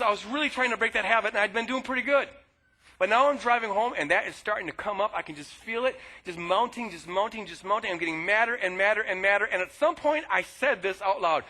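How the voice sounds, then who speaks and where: Middle-aged male pastor, high and bright, lively storyteller with loud outbursts. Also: brisk, low-quality recording. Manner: animated storytelling, bursts of loud shouting when acting out anger. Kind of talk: sermon with personal story.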